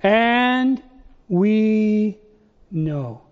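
A man's voice: sits high, expressive, drawn-out words. A man preaching a sermon as pastor, firing rhetorical questions with emphatic rises. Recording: dull, lo-fi recording in a reverberant church hall.

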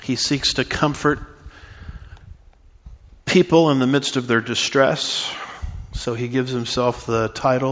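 A man preaching as the pastor of his church, teaching through scripture verse by verse at a measured pace with frequent uh fillers. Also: medium pitch, steady tone, fairly bright tone. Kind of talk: expository sermon. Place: church sanctuary. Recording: dull, reverberant church recording.

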